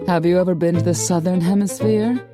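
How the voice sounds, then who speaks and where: A woman's voice: on the low side, fairly even intonation, brisk, over music, lightly acted. A woman voicing a snooty, aristocratic female vampire in an audiobook, with a prim, affected, haughty way of talking. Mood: coy, affected. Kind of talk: audiobook character voice.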